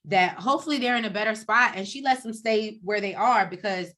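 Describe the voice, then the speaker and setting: A woman co-hosting a reality TV recap, talking in a blunt, profane, animated way and acting out quotes. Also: mid-range voice, fairly quick. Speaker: co-host of a TV recap show. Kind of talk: casual reality TV recap chat.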